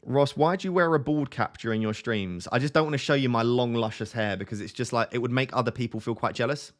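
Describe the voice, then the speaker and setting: A man's voice: medium pitch, quick pace. A young man with a light Essex accent, answering viewer chat in a chatty, self-mocking way on a live stream. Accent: light Essex English. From Essex, England.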